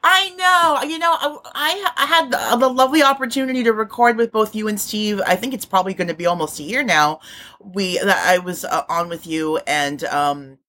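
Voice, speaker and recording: Loud, bright-voiced woman guest. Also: medium pitch, normal speed. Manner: loud, laughing, expressive. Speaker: podcast guest. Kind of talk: casual chat.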